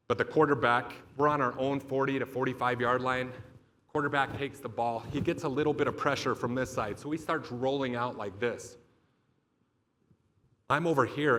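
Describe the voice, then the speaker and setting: A man's voice: mid-range voice, a bit bright, slight background noise. A man giving a motivational keynote talk, telling a vivid story with lots of swearing. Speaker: motivational speaker. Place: event stage.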